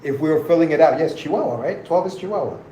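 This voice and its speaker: A man's voice: on the high side, animated, quick pace, warm tone, reverberant, highs cut off, a little hiss or hum. A man hosting a casual podcast stream, joking, laughing and reading viewer comments aloud during a crossword game. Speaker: podcast host. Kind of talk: casual live-stream chat with puzzle game.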